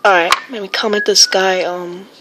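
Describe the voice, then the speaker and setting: A woman's voice: medium pitch, steady tone, moderate pace, noisy background. A woman live-streaming, rambling and exclaiming often while reading viewer comments. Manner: rambling, filler-heavy. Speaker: livestream weather vlogger.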